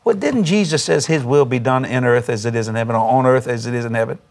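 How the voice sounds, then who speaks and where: A man, a pastor telling a testimony story with animated, laughing preacher emphasis. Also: medium pitch, fast. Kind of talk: storytelling testimony on a talk show.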